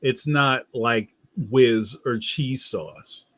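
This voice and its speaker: A man's voice: medium pitch, extremely slow, a bit bright, no echo. A man hosting a casual livestream, reading viewer comments aloud in a playful, slangy way and laughing often. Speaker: livestream host.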